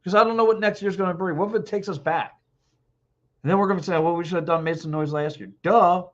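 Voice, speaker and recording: A man in his fifties hosting a podcast, talking sports alone and reading out live comments, blunt and excitable, repeating himself, a little hoarse with a dry throat. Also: sits high, fast talker. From Philadelphia. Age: 50s. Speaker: podcast host. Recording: dull lo-fi stream audio.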